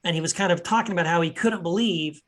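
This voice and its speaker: A man co-hosting a podcast who tells stories in a lively, animated way and repeats himself as he restarts his sentences. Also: high-pitched, fast. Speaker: podcast co-host. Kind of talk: casual conversation, telling anecdotes.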